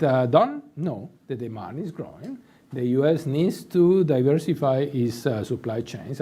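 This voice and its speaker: A man's voice: fairly high pitch, a little mellow. A man speaking as a panelist in a policy discussion, making an emphatic, structured argument.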